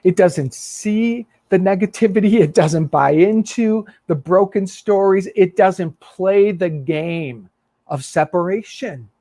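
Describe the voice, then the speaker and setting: Male minister, sermon storyteller, earnest and expressive, slightly high voice. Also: no room sound.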